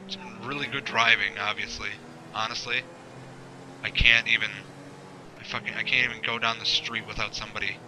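Over background noise, a medium-pitched man hosts a gameplay video, muttering to himself as he plays. His commentary is rambling and sarcastic, peppered with frequent swearing.

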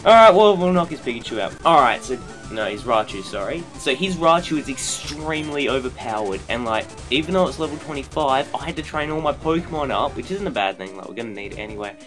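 A young man, giving excitable, joking commentary while playing a video game. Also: mid-range voice, brisk, hardly any pauses, over music. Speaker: let's play host. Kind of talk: gameplay commentary.

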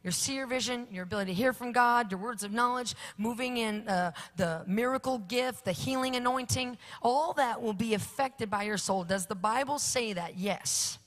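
A woman's voice: fairly high pitch, moderate pace, hardly any pauses, a bit bright. A woman preaching a sermon with an emphatic, repetitive cadence.

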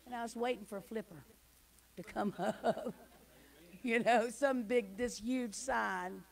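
A middle-aged woman, a guest speaker giving an emotional church testimony that swings from hushed to loud. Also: on the high side, normal speed, vocal fry, rough recording. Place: church hall.

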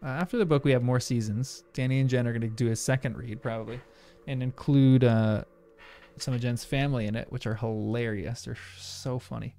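Man with a creaky voice, chatting on stream. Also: medium pitch, fairly even intonation, fairly quick, warm tone. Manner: rambling, laughs often, talks to chat. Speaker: livestreamer. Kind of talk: casual chat while solving a crossword.

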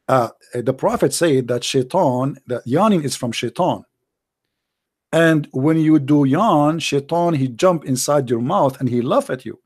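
A man's voice: mid-range voice, normal speed, a little mellow, husky. A man giving mocking commentary, sarcastic and mock-incredulous. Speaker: debater hosting a call-in style talk.

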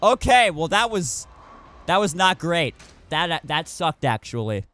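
A man's voice: a little high, big pitch swings, unhurried, sharp tone. A man giving casual commentary while streaming a video game, rambling and often restarting his sentences. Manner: rambling, self-correcting with many restarts.

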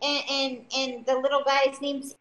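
High-voiced woman playing a tabletop game. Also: little pitch movement, a bit bright, roomy sound, rough recording. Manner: quick, playful, with stops and restarts. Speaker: player.

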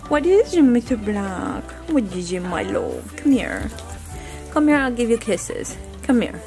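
Middle-aged woman, slow, mellow affectionate baby talk to goats, lively pitch swings. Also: over music, poor audio. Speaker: homesteader vlogger. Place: goat pen on a farm.

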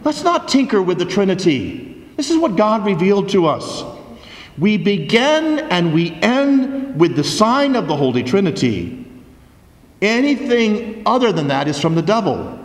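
A man preaching a forceful homily as a priest, full of rhetorical questions. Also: sits high, big pitch swings, a little slow. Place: large church. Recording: echoey church from a distance.

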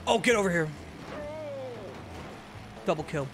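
Excitable man commenting on gameplay. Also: high-pitched, measured pace, noisy background. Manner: excitable, often breaking into laughter, shouting at the game. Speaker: gaming video creator. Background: game music.

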